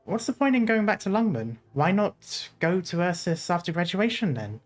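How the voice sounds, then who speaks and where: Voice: medium pitch, very animated, normal speed, soft background music, lightly acted. A streamer putting on a teasing senior officer.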